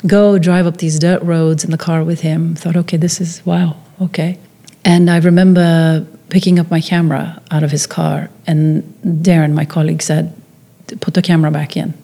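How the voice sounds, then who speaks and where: A woman's voice: deep voice, flat delivery, normal speed, gravelly, hardly any pauses, dark tone. A woman, a documentary filmmaker, telling a personal story in conversation, acting out the quotes with frequent restarts.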